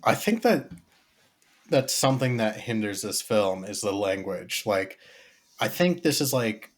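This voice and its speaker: A man's voice: lowish voice, measured pace. A young man co-hosting a podcast, chatting casually and profanely, leaning on "like" as he tells stories. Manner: profane, animated storytelling with filler "like". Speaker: podcast co-host. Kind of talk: casual chat.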